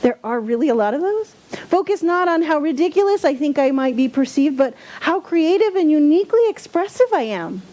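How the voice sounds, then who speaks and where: A woman's voice: high voice, expressive, fairly quick, mellow. A woman giving a sermon as a spiritual speaker, candid and self-deprecating, sometimes mocking her own angry outbursts.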